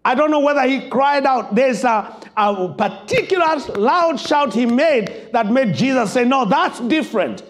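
A man preaching a sermon as pastor, impassioned and building to shouted emphasis. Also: extremely high pitch, lively intonation, unhurried, few pauses.

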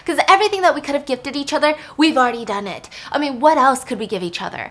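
A woman's voice: high-pitched, animated, fast, few pauses, fairly bright tone. A young woman hosting a vlog, telling a true crime story in a chatty, emphatic way with wry asides.

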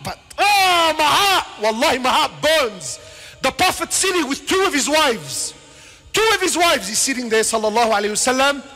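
A man giving a passionate religious lecture, swinging between shouted appeals and low asides, acting out dialogue as he tells stories. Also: lively intonation, normal speed, soft background music. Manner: acts out dialogue in storytelling. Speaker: Islamic preacher. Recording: reverberant hall.

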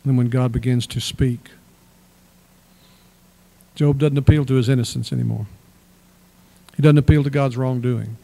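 A man's voice: medium pitch, steady tone, normal speed, vocal fry, pauses often, mellow. A male pastor preaching a sermon in a church, reading scripture aloud and then explaining it in plain words. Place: church sanctuary.

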